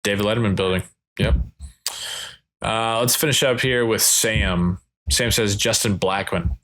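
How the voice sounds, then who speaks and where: A man with a bright, forward voice in casual podcast chat. He rambles easily from story to story and trails off with self-conscious laughs. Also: on the low side, steady tone, unhurried. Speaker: podcast co-host.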